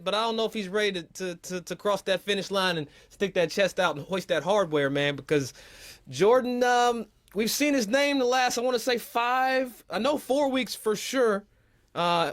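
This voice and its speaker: A man co-hosting a golf talk show, chatting casually with animated, playful slang. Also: high voice. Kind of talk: casual sports chat.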